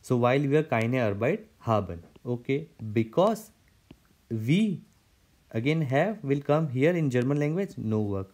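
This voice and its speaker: A man's voice: mid-range voice, big pitch swings, measured pace, darkish tone. A man teaching a German grammar lesson, explaining step by step with frequent repetitions and restarts.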